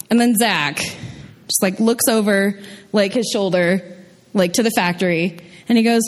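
A woman's voice: a little high, moderate pace. A young woman telling a personal story on stage, chatty and self-deprecating with many fillers. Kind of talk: live storytelling.

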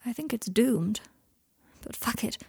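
A woman voicing a proud, anxious young man who is sharp-tongued and defensive, with fierce, high-strung outbursts. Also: animated, measured pace, vocal fry, slightly rough, no echo, studio quality, heavily acted. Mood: guarded.

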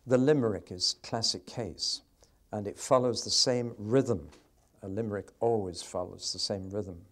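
A man teaching about poetry in the Bible, speaking in a measured lecture style and pausing with fillers. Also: fairly low pitch. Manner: measured, reciting verses with rhythmic emphasis. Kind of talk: spoken lecture.

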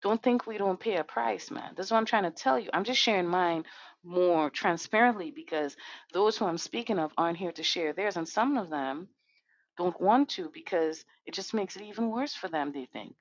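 A woman's voice: lowish voice, lively intonation, normal speed. A woman hosting a podcast, delivering an impassioned monologue that is angry, profane and full of rhetorical questions. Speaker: podcast host. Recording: dull dry lo-fi recording.

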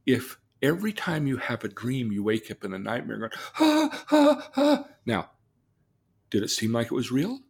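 A man, a therapist, telling a case story, acting out the voices of the people in it and moving between soft, low asides and loud, excited bursts. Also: a little fast, creaky, few pauses, husky. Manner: vivid storyteller, acts out the people in his stories.

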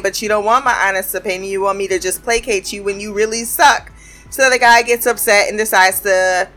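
Woman, casual profane recapper, mid-pitched, faint music bed. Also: pushed and bright. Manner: chatty, profane, laughing often. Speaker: episode recapper. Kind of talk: casual cartoon episode recap.

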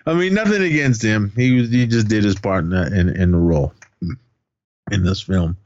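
A man's voice: lowish voice, normal speed, darkish tone, no room sound, muffled recording. A man co-hosting a podcast, casually retelling a movie's plot in a rambling, profane way and laughing as he goes. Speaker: podcast co-host. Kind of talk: casual movie recap chat.

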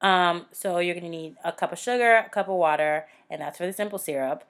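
A woman with a Southern US accent co-hosting a casual chat podcast, laughing often and acting out quick asides. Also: on the low side, clean tone. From American South. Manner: laughs often, animated, drifts into voiced asides. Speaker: podcast co-host.

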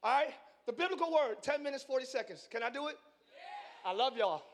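A pastor preaching a live sermon to his congregation, excitable and playful, swinging from quiet asides to shouting and teasing the crowd. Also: extremely high pitch, brisk, a little hiss or hum. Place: large church hall.

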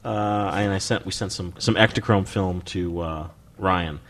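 A man hosting a casual podcast chat, reading listener letters aloud in a relaxed, joking way. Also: low-pitched, measured pace. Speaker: podcast host.

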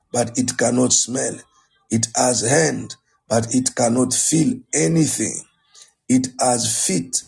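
A male pastor giving a morning sermon and prayer, slow and deliberate, repeating his phrases. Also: medium pitch, gravelly, darkish tone.

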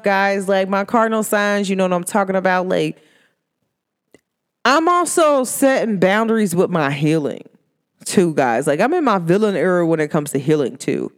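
A woman vlogger speaking in a relaxed, slang-heavy motivational monologue. She talks in a mid-range voice, laughs easily, and her voice leaps upward when she gets worked up. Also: moderate pace, some chatter behind. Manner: slangy, chatty, laughs often, pitch swoops up when excited.

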